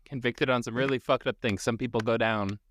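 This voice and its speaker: A man's voice: mid-range voice, steady tone, a little fast, a bit bright, slight background noise. A man co-hosting a casual podcast, teasing his partner, joking and laughing a lot. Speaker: podcast co-host. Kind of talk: casual chat.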